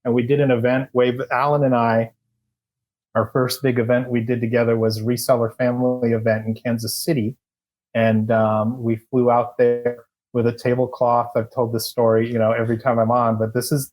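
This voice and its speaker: A man guesting on a podcast, telling his story in a rambling, relaxed and chatty way. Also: medium pitch, moderate pace. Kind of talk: casual storytelling interview.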